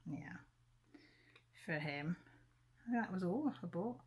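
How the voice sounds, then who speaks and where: Chatty middle-aged woman, low-pitched and meandering, casual vlog chat. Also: expressive, slow, a little mellow, slightly rough. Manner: chatty, rambling, self-correcting. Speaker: crafting vlogger.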